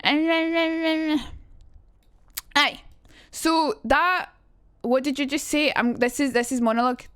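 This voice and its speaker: A woman's voice: sits high, normal speed, fairly bright tone, smooth, no room sound, studio quality. A young woman chatting casually on a live stream, rambling and cutting herself off. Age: young adult. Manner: chatty, rambling, self-interrupting.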